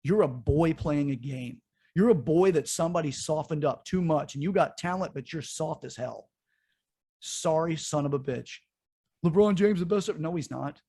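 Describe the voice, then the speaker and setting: A man's voice: fairly high pitch, normal speed, mellow, breathy edge. Heated, profane male podcast co-host. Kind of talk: casual political chat.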